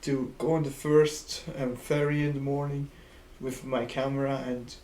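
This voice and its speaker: A man co-hosting a podcast, telling a story in relaxed, halting casual chat. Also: medium pitch. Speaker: podcast co-host. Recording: echoey room with faint noise.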